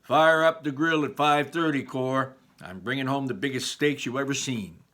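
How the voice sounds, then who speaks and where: A man voicing a loud, hearty, middle-aged father who talks with jovial bluster and brushes off concerns. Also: animated, unhurried. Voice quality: booming, boisterous.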